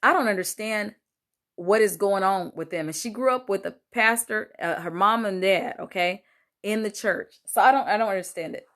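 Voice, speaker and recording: Older woman telling a family story. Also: normal speed. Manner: animated, acts out quoted lines with rising pitch, many fillers. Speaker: host sharing a personal story. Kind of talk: casual storytelling monologue.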